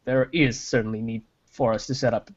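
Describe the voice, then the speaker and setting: A man's voice: mid-range voice, steady tone, fairly quick. A man playing a tabletop game in character, speaking formally and politely with hesitant restarts. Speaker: player. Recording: lo-fi online call audio.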